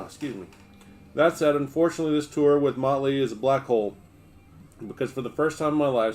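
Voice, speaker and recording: A man hosting a livestream, reading a memoir aloud in a steady, relaxed first-person voice. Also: medium pitch.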